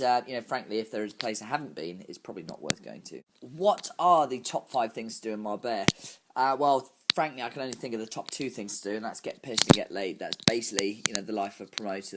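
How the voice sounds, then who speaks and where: A man's voice: fairly low pitch, very noisy, close to an everyday voice. An actor playing a brash, bragging male club promoter, in a comic character monologue full of fillers. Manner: cocky, bragging, full of "you know" fillers.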